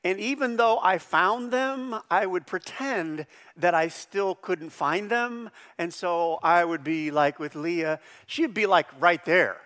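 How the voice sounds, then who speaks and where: A middle-aged man preaching a sermon as pastor, animated, with loud high bursts on the phrases he stresses. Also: slow, few pauses. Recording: long hall reverb.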